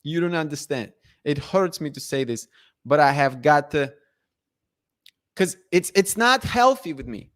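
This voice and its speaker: A man's voice: fairly high pitch, lively intonation, measured pace, fairly bright tone. Emphatic man hosting a casual live chat. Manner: emphatic, repetitive, playful. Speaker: livestream host.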